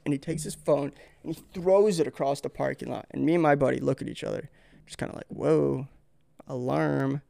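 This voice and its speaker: A young man hosts his own podcast, rambling through profane stories and acting out what people said. His voice has a gravelly edge. It sounds dry and close, with no room in it. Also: mid-range voice, moderate pace, a little mellow, no room sound. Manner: rambling, profane storytelling with acted-out quotes. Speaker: podcast host. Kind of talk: casual solo podcast monologue.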